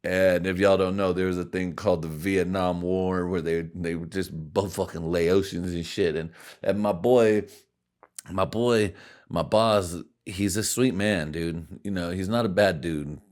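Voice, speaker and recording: Male podcast host from California, deep voice, crude rambling comic monologue. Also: fairly even intonation, a little slow, darkish tone. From California, USA. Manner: profane, rambling, laughs often at his own jokes.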